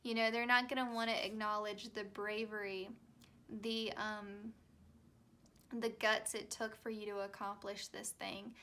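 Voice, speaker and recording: A woman's voice: medium pitch, little pitch movement, unhurried, pushed and bright, slight background noise. A young woman giving a casual, chatty tarot reading, reassuring her viewers with plenty of fillers. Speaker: tarot reader.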